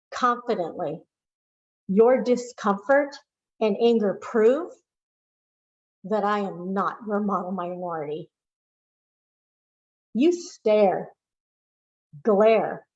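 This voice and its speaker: A woman poet giving a deliberate, emphatic poetry reading over a video call. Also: medium pitch, darkish tone, highs cut off.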